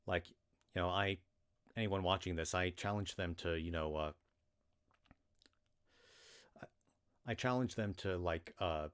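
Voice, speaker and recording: Low-voiced American man rambling on a livestream. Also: normal speed, fairly bright tone, clear, resonant tone. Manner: rambling, with many restarts and fillers. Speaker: livestream reader. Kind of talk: casual livestream chat.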